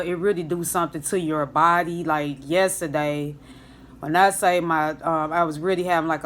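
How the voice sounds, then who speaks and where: A woman's voice: low-pitched, slight background noise. A young woman chatting casually to camera at home about her work as a hotel banquet server, rambling, with lots of restarts. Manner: relaxed, rambling, with restarts and Southern US slang. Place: at home, indoors.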